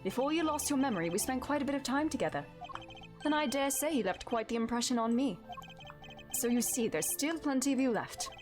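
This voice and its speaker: A proud, formal prosecutor, read aloud by a woman in a fairly high, lively voice, each line measured and composed. Quiet game music sits behind. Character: proud male prosecutor, formal and self-reflective.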